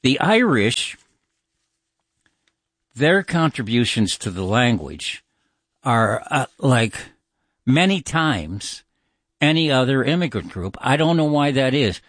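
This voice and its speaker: A man's voice: mid-range voice, big pitch swings, takes it slowly, pauses often, fairly bright tone, no room sound, clean studio sound. A man hosting a call-in radio show, chatting in a musing, informal way with many fillers.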